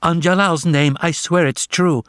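A man's voice: on the high side, steady tone, unhurried, a bit bright, clear, resonant tone, dry recording, clean studio sound, voice pushed up. A man reading a storybook aloud, voicing an anxious young male cat who pleads urgently to be believed. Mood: pleading.

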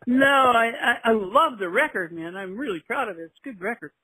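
A man's voice: very high voice, animated, brisk, pushed and bright, a little hiss or hum, poor audio. An older man, a musician guest in an interview clip, talking in hesitant stops and restarts. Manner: hesitant, trails off in repeated starts.

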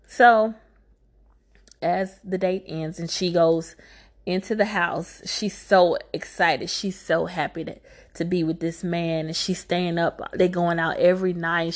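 A woman giving a casual movie recap, sassy and exasperated, talking back to the filmmaker. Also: fairly low pitch.

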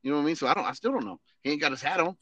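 Podcast host, male veteran. Animated, profane storyteller with a slightly high, very bright voice and a dry, close sound. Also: racing, no echo. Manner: profane, animated, repeats "you know what I mean". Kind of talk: casual storytelling chat.

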